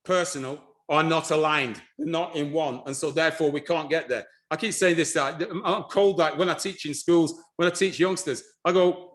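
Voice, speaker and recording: A man giving a lively presentation on history and culture, animated and repeating himself, with frequent restarts. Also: fairly high pitch, normal speed, few pauses. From United Kingdom.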